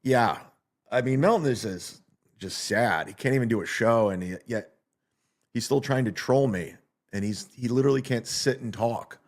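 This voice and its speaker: A man's voice: medium pitch, moderate pace, a little mellow. A man hosting a livestream, ranting in a mocking, sarcastic way and reading viewer donations aloud. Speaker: livestream host.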